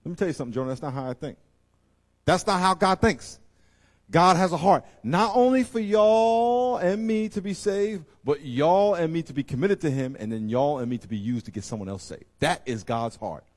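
A pastor with a high, animated voice preaches to his congregation at normal speed. His emphatic delivery swings from loud exclamations to quiet intensity, and he repeatedly speaks straight to the audience.

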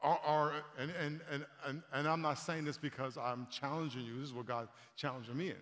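A man in his fifties delivers a sermon in a conversational, storytelling way, often doubling back and repeating words. His voice sits fairly high for a man. The sound carries a long hall reverb from a large church room. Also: brisk. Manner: animated storytelling, repeats words, addresses the congregation. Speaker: preacher.

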